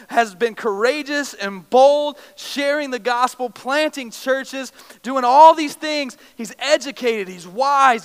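A man's voice: very high voice, fairly bright tone, smooth. A young adult male pastor preaching a sermon, emotive and storytelling with self-deprecating humor. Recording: long reverb of a large hall.

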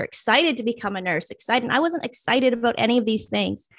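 Animated woman telling her story. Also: mid-range voice, gravelly, no room sound, studio quality. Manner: animated, acts out her own past thoughts and friends' lines. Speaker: guest. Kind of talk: storytelling in a casual interview.

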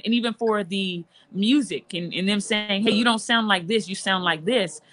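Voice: mid-range voice, fairly bright tone. A gospel singer guest telling a personal testimony in conversation, earnest and emotional, with frequent restarts.

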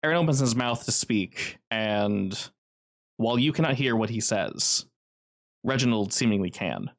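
A man running a tabletop role-playing game, narrating scenes in a steady, descriptive way. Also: fairly low pitch, a little slow. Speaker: game master.

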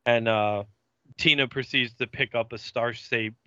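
Podcast host, young male, bright and punchy, dull lo-fi recording. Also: medium pitch, measured pace, no echo. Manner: animated retelling, acting out character lines. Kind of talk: casual episode recap.

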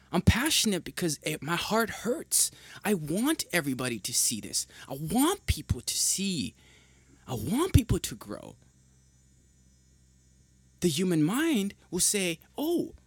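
A young man hosting a podcast, talking in a heated, emphatic monologue with a husky voice, repeating points and swearing often. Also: sits high, dry recording. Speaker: podcast host.

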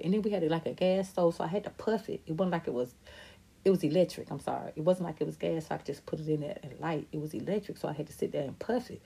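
Gravelly, husky-voiced woman podcast host. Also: fairly low pitch, animated, fast talker, dark tone. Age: middle-aged. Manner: candid and emphatic, imitating voices. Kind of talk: personal talk reading viewer comments.

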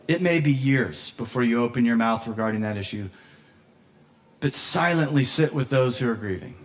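Man, pastor, sermon, fairly high voice, animated, conversational, laughs often, emotional. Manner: emotional, near tears at moments.

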